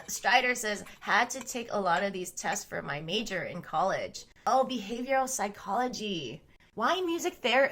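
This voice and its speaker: A woman's voice: mid-range voice, fairly bright tone. A woman in her thirties chatting casually on a live stream, rambling and oversharing, full of "like" fillers and the odd swear.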